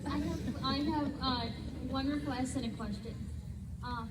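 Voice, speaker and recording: A woman's voice: high-pitched, steady tone, unhurried, heavy background noise. A woman fan asking a question, nervous and stumbling over her words. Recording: distant mic, echoey hall, loud crowd.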